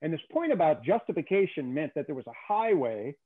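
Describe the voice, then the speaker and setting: A man's voice: a little high, sing-song, brisk. Man explaining emphatically over a tinny call. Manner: emphatic, keeps checking in with "okay?". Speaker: guest. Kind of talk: conversational lecture on theory. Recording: tinny phone-like call audio.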